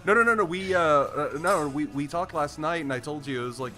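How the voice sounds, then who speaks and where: A man's voice: fairly high pitch, brisk, pushed and bright. A man from Texas hosting a casual chat, rambling and stumbling over his words with frequent restarts. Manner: rambling, stammering, laughing.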